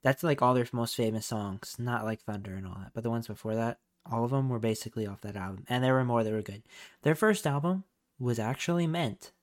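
A man's voice: mid-range voice, fairly quick. A man hosting a casual podcast, rambling with lots of fillers and swearing freely. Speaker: podcast host.

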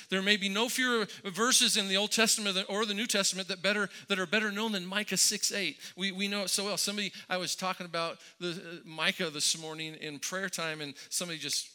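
Bright-voiced male pastor, high and lively. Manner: conversational storytelling with frequent repeated restarts. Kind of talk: sermon.

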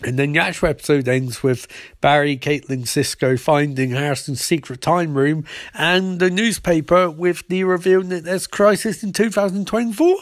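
A man's voice: on the high side, fairly even intonation, moderate pace, no room sound, studio quality. A man giving a casual, rambling, profane recap and review of a TV episode, sarcastic in tone.

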